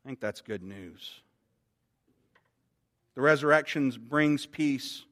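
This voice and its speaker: A man preaching a sermon in an earnest way, growing soft and slow on quoted words. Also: mid-range voice, in a large hall. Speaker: pastor.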